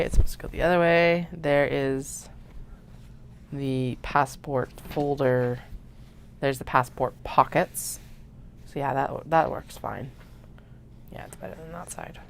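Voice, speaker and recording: A woman hosting a craft livestream, chatting casually and muttering soft half-whispered asides to herself while she cuts fabric. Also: sits low, unhurried, creaky, pauses often, slight background noise.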